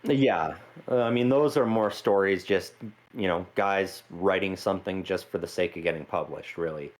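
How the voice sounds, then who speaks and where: Low-voiced man explaining football trades. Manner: measured, explanatory, with fillers. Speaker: podcast co-host. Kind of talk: casual sports chat.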